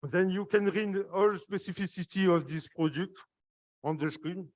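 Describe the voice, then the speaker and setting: A man with a French accent giving an earnest, halting stage speech, full of fillers and apologies. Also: high-pitched, no echo. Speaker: guest speaker presenting a project.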